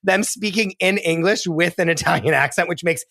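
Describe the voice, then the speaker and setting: A man's voice: on the high side, brisk, gravelly, bright, forceful tone, no room sound, clean studio sound. A man co-hosting a comedy podcast, talking emphatically and leaning on "like" as a filler. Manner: emphatic, heavy use of "like". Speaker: podcast co-host. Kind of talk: casual comedic chat.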